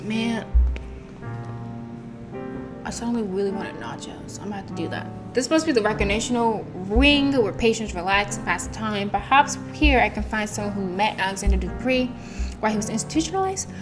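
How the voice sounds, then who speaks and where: A woman plays through a story game, reading its narration and dialogue aloud and dropping casual comments in between. Her voice sits at an ordinary middle pitch. Game music plays clearly behind her. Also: expressive, a little fast. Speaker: gaming channel host.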